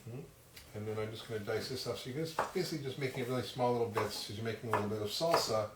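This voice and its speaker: A man's voice: medium pitch, steady tone, racing, very noisy. A man hosting a casual live cooking demonstration from his home kitchen, chatting in a self-deprecating way with many fillers. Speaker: cooking show host. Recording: roomy, distant kitchen sound with loud clatter. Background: cutlery, dishes and chopping clatter.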